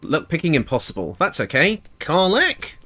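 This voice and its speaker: A man's voice: on the high side, wildly swooping pitch, normal speed, bright, forceful tone. A man with a British accent chatting casually while streaming a game, thinking aloud and laughing often. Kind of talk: casual gameplay livestream commentary.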